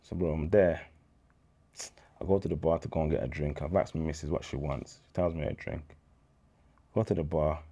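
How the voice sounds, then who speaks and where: A man in his thirties with a Birmingham accent, a guest telling lively, slang-filled stories in a casual interview. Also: very deep voice, a little fast, pauses often, breathy edge, muffled recording. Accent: Birmingham English. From England. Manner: animated storyteller, slang-heavy, acts out quoted dialogue.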